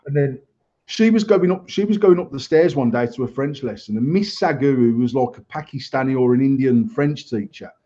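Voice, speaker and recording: Captured in a dull lo-fi recording, an English podcast host aged somewhere in his thirties or forties speaks briskly in a mellow, mid-range voice. He's chatting casually, telling a crude story and swearing nonstop.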